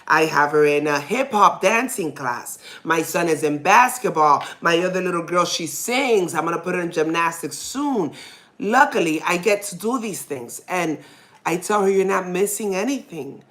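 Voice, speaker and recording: Candid mom-host, lowish voice, chatty and rambling, laughs off her nerves. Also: expressive, normal speed, a bit bright. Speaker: podcast host, mother. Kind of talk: casual personal storytelling.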